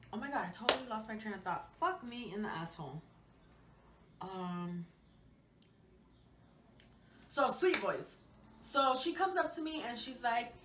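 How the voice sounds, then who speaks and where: A bright, fairly high-voiced young woman rambles through a casual storytime, swearing freely and leaning on fillers. She sits a little back from the mic in an echoey room, with a faint hiss behind her. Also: recorded from a distance. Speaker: vlogger.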